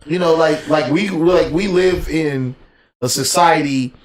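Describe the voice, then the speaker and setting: A man co-hosting a podcast in casual chat, animated and acting out little exchanges as he talks. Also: a little high, measured pace. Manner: animated, acts out quoted texts and arguments. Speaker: podcast co-host. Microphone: desk USB microphone.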